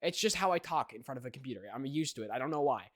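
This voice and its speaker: A teenage young man hosts a podcast, telling a story in a rambling, casual-chat way packed with fillers and "right?" check-ins. His medium-pitched voice has lively intonation and a rapid-fire pace. The studio sound is clean, with no room sound.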